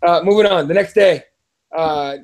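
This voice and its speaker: A man's voice: on the high side, moderate pace, a little mellow. A man hosting a casual fight-talk show, retelling events in a laid-back way and reading viewer comments. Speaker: podcast host.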